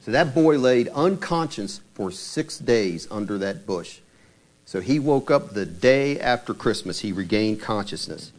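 A man's voice: fairly low pitch, expressive, unhurried. A man preaching a sermon, retelling a true story in a conversational, dramatic way. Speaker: pastor.

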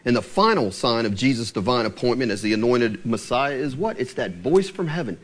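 Animated male preacher. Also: mid-range voice. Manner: animated, asks rhetorical questions, slows for scripture. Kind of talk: sermon.

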